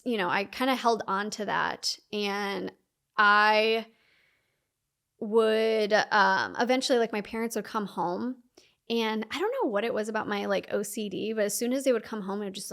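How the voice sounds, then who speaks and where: A young woman telling her personal story as a podcast guest, talking fast with many fillers and acting out her past self's inner voice. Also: medium pitch, fairly bright tone.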